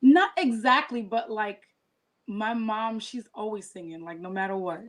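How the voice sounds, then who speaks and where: A woman guest in a relaxed interview, talking about her music in a loose, chatty way. She leans on "like" as a filler, and her voice sits at an ordinary middle pitch. She sounds easy and unpolished. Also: measured pace. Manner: chatty, filler-heavy with frequent "like". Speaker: guest singer and poet. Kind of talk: casual interview chat.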